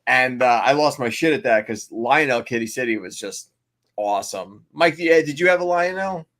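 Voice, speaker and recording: A man's voice: mid-range voice, lively intonation, moderate pace, a bit bright. A man co-hosting a casual podcast chat, an enthusiastic interviewer who gives promotional plugs. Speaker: co-host.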